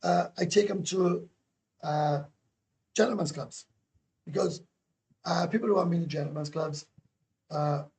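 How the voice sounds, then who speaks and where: A man on a casual livestream call, chatting in an excitable, rambling way and throwing in swear words and tag questions. His voice sits a little high and has a rough, gravelly edge. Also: unhurried, pauses often. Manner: keeps adding tag questions. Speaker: guest YouTuber calling into a livestream.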